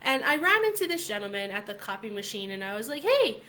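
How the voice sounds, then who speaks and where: A middle-aged woman hosting a casual vlog, telling a story in a chatty, animated way, with lots of filler words. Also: mid-range voice, quick pace, slight background noise. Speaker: vlog host.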